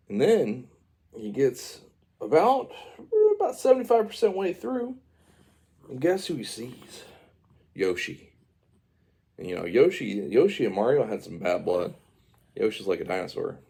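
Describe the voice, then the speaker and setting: A man's voice: lowish voice, vocal fry, warm tone, breathy edge. A man telling his baby a rambling, improvised story, full of fillers and asides.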